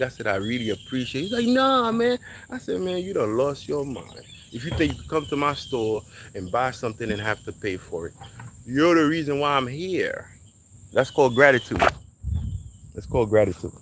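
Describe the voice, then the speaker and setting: A man telling a casual, animated story in slang, acting out quoted voices along the way. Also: on the high side, a little hiss or hum.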